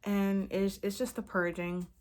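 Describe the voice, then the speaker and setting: Woman, casual vlog, coaching tone, blunt, swears, emphatic, mid-pitched voice. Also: level tone, a little slow, a little mellow. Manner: frank and blunt, swears freely; emphatic, keeps checking in with "okay?". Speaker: manifestation coach. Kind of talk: impromptu casual vlog talk.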